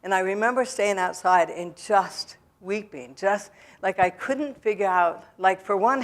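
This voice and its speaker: A woman speaking in a church, telling her own story to the audience in a halting way, with many pauses and fillers. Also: medium pitch. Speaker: guest speaker at a recovery event. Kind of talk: personal testimony to a church audience. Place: church sanctuary.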